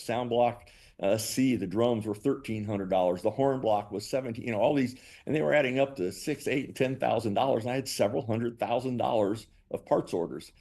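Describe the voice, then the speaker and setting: An older man, a company founder and guest, telling animated stories and acting out both sides of past conversations. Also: mid-range voice. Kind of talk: storytelling interview answers.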